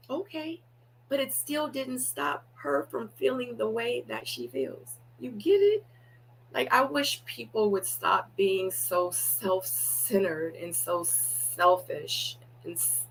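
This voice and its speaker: A woman with a slightly husky voice hosts a live watch party. She speaks at a middle pitch in casual, candid commentary, turning to address her viewers directly as she explains her views. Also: a bit bright, rough recording. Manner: candid, talks straight to viewers.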